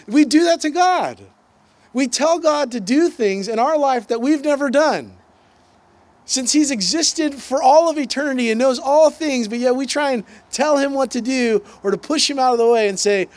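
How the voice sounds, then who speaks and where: A man's voice: very high-pitched, normal speed, no echo. A man, preaching a conversational sermon with asides and acted-out quotes. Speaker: pastor.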